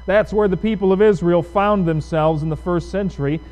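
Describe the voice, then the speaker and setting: Conversational male preacher, fairly high voice. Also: moderate pace, darkish tone, low-quality recording. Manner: conversational, asks the audience questions. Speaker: pastor. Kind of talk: sermon.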